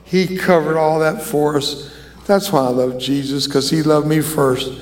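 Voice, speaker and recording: A man's voice: a little high, steady tone, measured pace. An older man preaching a sermon as an evangelist, emphatic and drawing the congregation into call-and-response.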